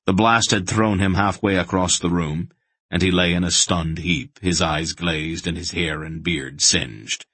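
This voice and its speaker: A man narrating a fantasy audiobook in a dramatic, measured storytelling manner. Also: low-pitched, fairly even intonation, fairly bright tone, breathy edge, no echo.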